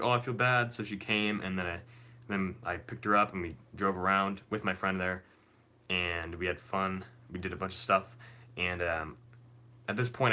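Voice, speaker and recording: A young man casually telling a long story on a live stream, rambling and animated, full of fillers. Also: low-pitched.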